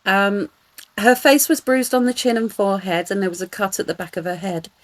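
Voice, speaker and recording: A woman with a London accent, co-hosting a podcast, earnest and relaxed as she talks through case details. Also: medium pitch, a little fast, dry recording, rough recording. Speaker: podcast co-host. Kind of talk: casual chat.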